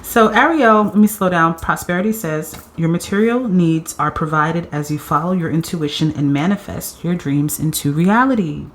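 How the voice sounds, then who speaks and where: Excitable woman reading tarot cards. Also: lowish voice, normal speed, hardly any pauses, slight background noise. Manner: excitable, laughing, slangy, acts out quotes. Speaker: tarot reader. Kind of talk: pick-a-card tarot reading.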